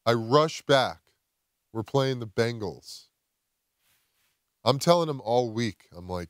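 A man, a podcast guest, telling a personal story outdoors in casual chat, animated and swearing freely. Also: medium pitch, takes it slowly, long pauses, clear, resonant tone, no room sound, clean studio sound. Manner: animated, swears a lot, acts out quotes. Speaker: podcast guest, former football player.

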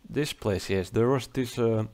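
Slow-talking young man narrating his gameplay. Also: mid-range voice, darkish tone. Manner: musing aloud, chatty, hesitant with restarts. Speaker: let's play gamer. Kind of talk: casual game commentary. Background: game music.

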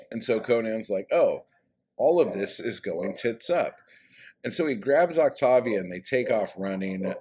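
A book vlogger with a low voice recaps a story casually and ramblingly, swearing a lot and using plenty of fillers. He's in a room at home by a street window, and the recording has a little hiss or hum.

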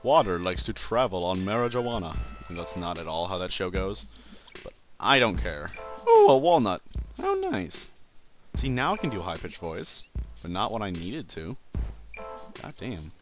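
A man doing let's play gaming commentary, excitable and swearing often, yelping when he fails. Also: low voice, moderate pace, faint music behind. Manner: excitable, swears a lot, yelps at failures.

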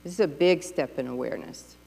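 A woman's voice: very deep voice, expressive, brisk, gravelly, mellow, husky, long reverb tail. A woman pastor giving a sermon in a conversational, playful way, acting out the voices of everyday thoughts. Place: church sanctuary.

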